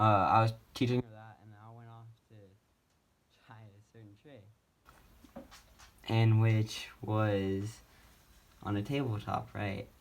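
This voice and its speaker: A young man casually telling a personal story on his vlog, rambling with many fillers and restarts, speaking from a wheelchair at home. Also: fairly low pitch. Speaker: vlogger.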